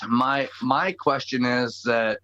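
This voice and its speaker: Guy calling in to a stream, hesitant and chill, bright voice, muffled lo-fi audio. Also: mid-range voice, fairly even intonation, drawn-out words. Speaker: caller on a live stream. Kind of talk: casual chat. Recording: dull lo-fi call audio.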